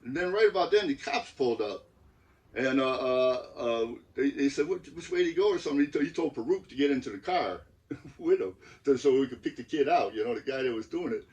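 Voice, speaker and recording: Detroit-area male co-host, relaxed storyteller, distant mic. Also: mid-range voice, a little fast. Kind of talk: casual storytelling chat.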